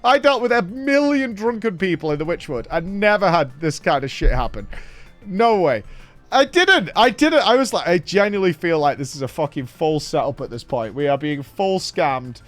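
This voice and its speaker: A man's voice: sits high, moderate pace, faint music behind. A man, hosting a casual podcast and telling a story with lots of swearing and laughter. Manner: animated, swears a lot, laughs through the story. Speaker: podcast host.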